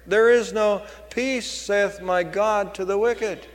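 A man's voice: high-pitched, steady tone, takes it slowly, in a large hall. A man preaching a sermon as pastor, driving points home with emphatic repetition.

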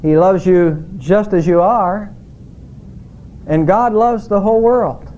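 A middle-aged male pastor preaching a sermon in a measured way, slowing down when he quotes scripture. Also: high-pitched, mellow, muffled recording.

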